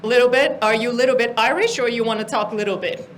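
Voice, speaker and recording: A woman from Estonia works the room at a live comedy gig, playfully teasing the audience. Her voice sits fairly high. The stage mic picks up clear room noise. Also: rapid-fire, low-quality recording. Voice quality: playful crowd work, teasing. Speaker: stand-up comedian. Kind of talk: stand-up comedy.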